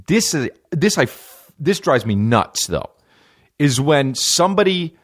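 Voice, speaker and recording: A man in his thirties hosting a podcast, rambling through a casual comedic monologue full of profanity, restarts and jokes. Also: mid-range voice. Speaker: podcast host.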